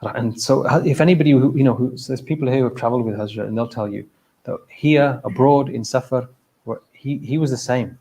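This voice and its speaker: A man's voice: mid-range voice, quick pace, mellow, rough recording. A man giving an informal religious talk at a mosque. He speaks conversationally, repeats phrases and keeps checking in with his listeners.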